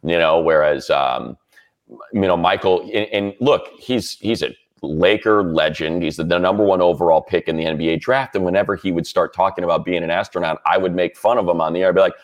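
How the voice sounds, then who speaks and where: A man, a sports broadcaster, chatting as a guest and telling animated stories. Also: sits low, a little fast. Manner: animated storyteller, does voices. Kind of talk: casual chat on a radio podcast.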